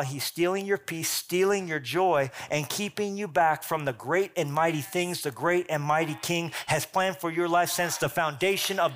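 Punchy, animated male preacher. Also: a little high. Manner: animated, punchy preaching with quick asides and jokes. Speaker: pastor. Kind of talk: sermon.

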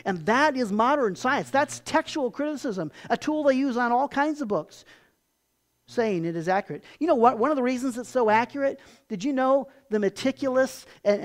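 A pastor preaching a sermon with animated storytelling and emphatic turns. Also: medium pitch.

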